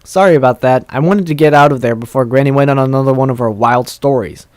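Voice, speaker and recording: A young man reads a text adventure aloud, tripping over words and poking fun at his own slip-ups. His voice sits at an ordinary male pitch, and the close mic gives a dry, deadened sound. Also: quick pace, a little mellow, no room sound. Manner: stumbling, self-deprecating. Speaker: let's play host. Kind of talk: reading aloud a text game.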